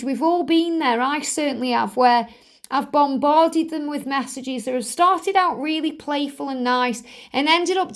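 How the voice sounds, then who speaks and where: A woman giving a spiritual card reading to her viewers, in a soothing, reassuring voice with lots of repetition. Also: high voice. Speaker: tarot card reader.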